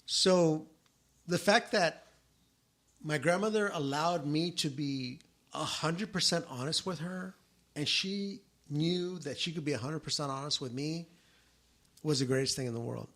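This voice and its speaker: A man's voice: a little high, measured pace, fairly bright tone. A middle-aged man in casual podcast chat, telling a personal story and voicing the people in it. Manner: storytelling, acts out quoted relatives. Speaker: podcast co-host.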